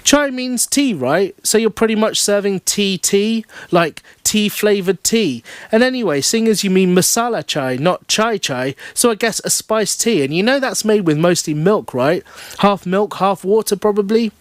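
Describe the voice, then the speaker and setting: A man's voice: sits high, animated, normal speed, few pauses, no echo, voice pushed up. An author reading aloud as a smug, pedantic young man from London who lectures a barista, in a London accent. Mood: lecturing.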